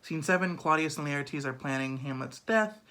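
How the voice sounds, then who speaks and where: A man's voice: a little high, animated, moderate pace, sharp tone. A man giving a casual, chatty summary of a play, full of fillers and acted-out asides. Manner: chatty, filler-heavy, lots of "um" and "like".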